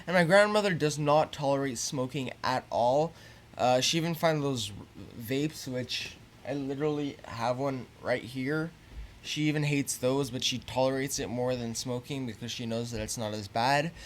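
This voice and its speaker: A teenage boy telling a story to his viewers in a rambling, casual way, full of fillers and swearing, getting louder when annoyed. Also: mid-range voice, normal speed. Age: teens. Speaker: YouTuber.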